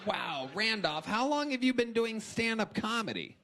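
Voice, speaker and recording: A man's voice: sits high, very animated, moderate pace. A man hosting a live comedy show in a club, exclaiming and laughing often as he questions a comic. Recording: live crowd and room noise.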